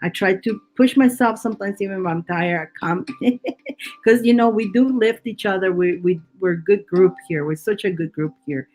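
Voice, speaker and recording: A woman's voice: medium pitch, normal speed, a little mellow, faint music behind. A woman doing a live-streamed psychic tarot reading, reassuring and chatty, often restarting and repeating words. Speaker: tarot reader.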